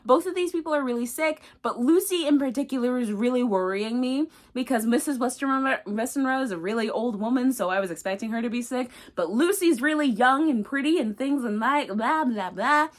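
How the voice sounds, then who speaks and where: A woman's voice: high-pitched, expressive, fairly quick, few pauses. A woman voicing a concerned male doctor in a loose, rambling, matter-of-fact way.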